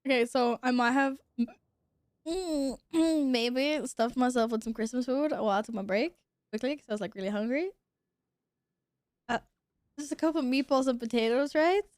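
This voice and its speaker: A woman's voice: high voice, normal speed, long pauses, clean tone, no echo, clean studio sound. A woman streamer with the hiccups, chatting casually while gaming, giggly, flustered and swearing now and then. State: has the hiccups.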